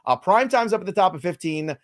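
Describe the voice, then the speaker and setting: A man's voice: high-pitched, expressive, fast talker. A man hosting a live fantasy baseball show, casual and playful in his banter with a co-host. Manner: jokey, playful, teasing co-host.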